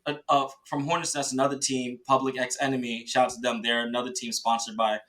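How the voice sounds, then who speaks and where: A man talking casually on a podcast, telling a rambling, excited story with many restarts and laughs, and acting out what his teammates said. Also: mid-range voice, fast talker. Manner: quotes teammates in lively voices. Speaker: podcast guest, paintball player.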